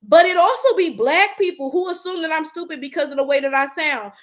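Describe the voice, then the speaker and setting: Her high-pitched voice moving briskly, a young woman from Detroit, USA, hosts a relaxed YouTube livestream. She reads out viewer comments in blunt, profane talk, with an African American Vernacular English accent.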